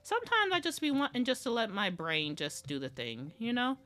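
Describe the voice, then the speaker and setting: A woman's voice: on the high side, wildly swooping pitch, moderate pace, sharp tone. A woman streaming her digital drawing process, chatting casually and rambling playfully as she talks to herself about each step. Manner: rambling, self-talking, playful. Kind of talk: casual live-stream chat while drawing.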